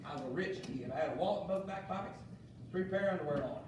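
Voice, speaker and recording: A male pastor, preaching a fiery sermon with shouted emphasis and folksy asides. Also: fairly high pitch, fast. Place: church sanctuary. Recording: echoey church hall, mic far off, faint noise.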